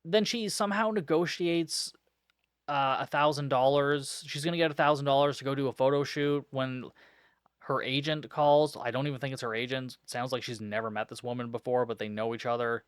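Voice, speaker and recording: A man's voice: mid-range voice, steady tone, brisk, smooth, no room sound. A man with a mid-range voice rants through a movie recap, sarcastic and fed up, with profanity in nearly every sentence. His voice sits dry and close, with no room sound around it. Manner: exasperated, sarcastic, swears constantly. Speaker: podcast host reviewing a film.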